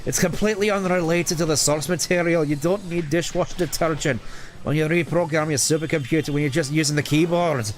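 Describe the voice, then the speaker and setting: A man's voice: fairly high pitch, brisk, slight background noise, voice pushed up, lightly acted. A man voicing Tails, a clever young male fox sidekick, with a Scottish accent, bickering like a know-it-all. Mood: smug.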